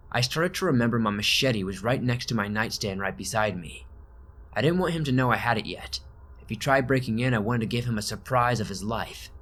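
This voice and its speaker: A man reading a first-person horror story aloud in a calm, steady narration. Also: medium pitch, slight background noise.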